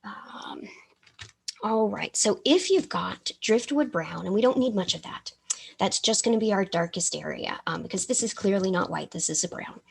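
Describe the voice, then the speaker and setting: A woman's voice: mid-range voice, lively intonation, normal speed, creaky, slightly rough. A woman from the American South teaching a live miniature painting class, chatty and often interrupting herself, sometimes mumbling with a brush in her mouth.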